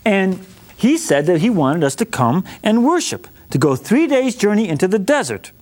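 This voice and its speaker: A man's voice: sits high, big pitch swings, normal speed, a little mellow. A man teaching on a Bible story, acting out the dialogue with humor and plenty of animation. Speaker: preacher.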